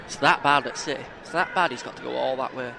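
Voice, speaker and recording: A man's voice: mid-range voice, fast talker, gravelly, noisy background. A man co-hosting a football chat show, joking, swearing and mimicking people. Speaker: football podcast co-host. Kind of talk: casual banter commentary.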